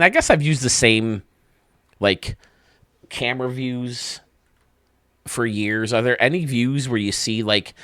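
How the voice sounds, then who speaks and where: A man with a fairly low voice hosts a gaming channel, chatting casually about what he sees. He gushes and rambles, breaking into laughs often. The recording is close and dry, with no room sound. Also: a bit bright, no room sound. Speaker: video game channel host. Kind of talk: casual gameplay commentary.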